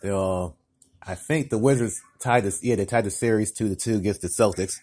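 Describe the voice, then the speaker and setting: A tired, upset man talking casually to camera in a vlog, halting and repetitive, often restarting his sentences. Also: on the low side, a little mellow, husky. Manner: upset, ranting tone. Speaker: vlogger. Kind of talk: casual mukbang vlog talk.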